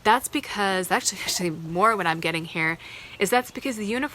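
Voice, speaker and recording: Earnest woman giving a bright live tarot reading. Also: mid-range voice, a little fast. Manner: earnest and emotional, thinking aloud with fillers. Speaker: tarot reader hosting a live moon reading.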